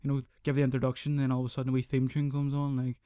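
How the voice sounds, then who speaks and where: A man's voice: medium pitch, racing, clear, resonant tone, no room sound, studio quality. A young man hosting his own podcast, ranting casually and swearing a lot. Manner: sweary, rambling, animated. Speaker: podcast host. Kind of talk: casual solo podcast rant.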